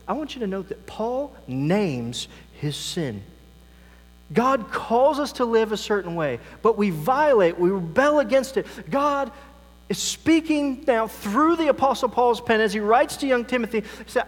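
A male pastor delivering a sermon, swinging between loud emphasis and quiet, soft asides. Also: high-pitched, lively intonation, moderate pace. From United States. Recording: long reverb, mains hum.

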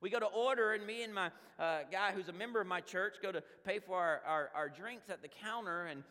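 A middle-aged man preaching a conversational sermon as a pastor, telling stories with animated energy and many asides. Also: sits high, fairly quick. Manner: animated storytelling with frequent "man" and restarts. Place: church sanctuary. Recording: long hall reverb in a church.

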